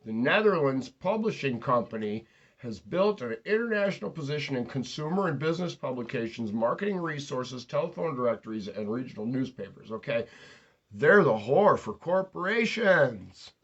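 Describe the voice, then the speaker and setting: A man hosting his own show in a rambling, provocative solo monologue, mocking himself, drawing out words and jumping suddenly in loudness. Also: mid-range voice, very animated, normal speed, husky. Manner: provocative, ranting, self-mocking. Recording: lo-fi recording with guitar music behind. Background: plucked guitar music.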